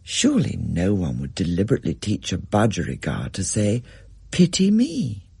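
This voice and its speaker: Husky man reading a story. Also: sits low, dry recording. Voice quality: husky, gravelly. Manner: measured, expressive reading. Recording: dry close recording.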